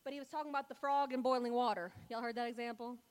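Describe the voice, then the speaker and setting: A woman's voice: a little high, steady tone, racing, clean tone. A young woman gives a casual Bible talk. She talks in a loose, chatty storytelling way, full of fillers. Her voice trails off into a long reverb, as in a large hall. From Louisiana.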